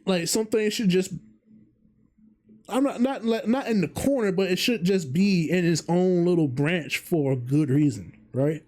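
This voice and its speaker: A man's voice: a little high, dark tone. A man hosting his own channel, talking through his opinions in a rambling, self-interrupting monologue with frequent chuckles. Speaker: vtuber host. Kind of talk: casual commentary monologue.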